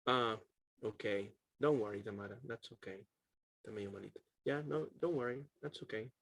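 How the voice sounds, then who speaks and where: A man's voice: lowish voice, a little fast, gravelly, a bit bright, breathy edge, dry recording. A man with a Chilean Spanish accent teaching an English lesson on a video call, casual and chatty, with many ums and uhs. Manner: casual, chatty, laughs often, fills with um and uh. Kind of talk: online class.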